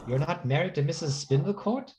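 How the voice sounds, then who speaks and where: A man taking part in a tabletop game as a player, relaxed and playful in the way he talks. His pitch is a little raised. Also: brisk, noisy background. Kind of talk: casual tabletop play.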